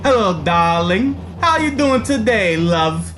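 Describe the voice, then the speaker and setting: A streamer voicing a posh, fancy lady with a genteel, drawn-out way of saying endearments. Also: medium pitch, lively intonation, a bit bright, slight background noise. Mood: affected.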